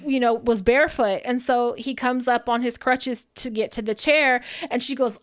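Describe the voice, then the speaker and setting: A fairly high-pitched woman telling a story on a casual podcast. She is animated and curses freely. She acts out the lines of the people in her story. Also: normal speed, few pauses, smooth. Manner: animated, profane storytelling with acted-out quotes. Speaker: podcast co-host.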